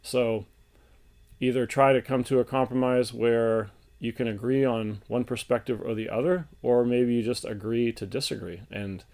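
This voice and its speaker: A man presenting relationship advice in an earnest, loosely unscripted way, pausing with fillers and restarting phrases as he thinks aloud. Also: mid-range voice, fairly even intonation, darkish tone.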